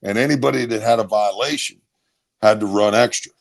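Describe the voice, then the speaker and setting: A man in his sixties from Maryland, a former football player telling lively, punchy anecdotes as a guest. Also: on the low side, fairly quick, gravelly. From Maryland, USA. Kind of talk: animated storytelling.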